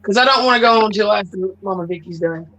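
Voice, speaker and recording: A woman's voice: medium pitch, fast, fairly bright tone, low-quality recording. A woman, co-hosting a casual group chat and teasing the others. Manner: joking, teasing.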